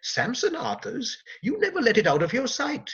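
A woman's voice: on the high side, wildly swooping pitch, moderate pace, husky, heavily acted. A man voicing a young pregnant woman who pleads with her older brother, in a dull lo-fi recording. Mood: pleading.

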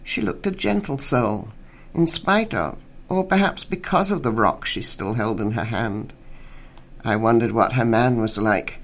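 A woman writer from Canada, a guest in an interview, speaking in a measured way and reading her own short story aloud. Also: a bass voice.

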